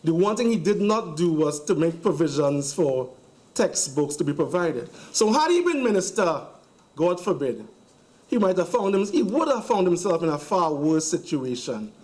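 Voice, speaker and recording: A man's voice: a little high, sing-song, normal speed, darkish tone. A man with a Trinidadian accent giving a sarcastic, emphatic speech in a parliamentary debate, hammering points through repetition. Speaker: member of parliament. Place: parliament chamber.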